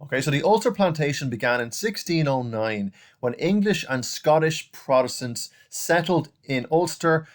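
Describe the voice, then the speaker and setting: A man's voice: a little high, lively intonation, moderate pace, hardly any pauses. A young adult man with an Irish accent, teaching a recorded online lesson in a chatty way, often saying "okay" and "guys". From Ireland.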